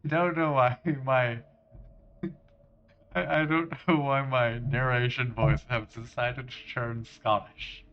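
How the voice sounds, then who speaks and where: A man's voice: medium pitch, steady tone, slow, clean tone, dull audio. Chuckling man doing game commentary. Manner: chuckling, self-mocking asides. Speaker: video game streamer. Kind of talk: let's-play commentary.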